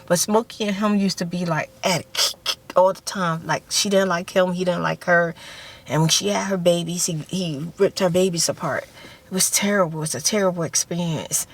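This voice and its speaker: A woman's voice: on the low side, fairly even intonation, moderate pace. A woman casually telling an emotional personal story, repeating phrases and acting out voices. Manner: emotional, repeats phrases, acts out screams and quotes. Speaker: ASMR vlogger.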